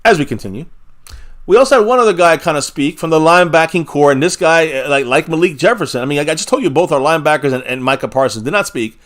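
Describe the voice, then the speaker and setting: A man's voice: a little high, expressive, fast talker, a bit bright. A man hosting a fan live stream, chatting casually and reading viewer comments aloud with bursts of energy. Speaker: fan livestream host.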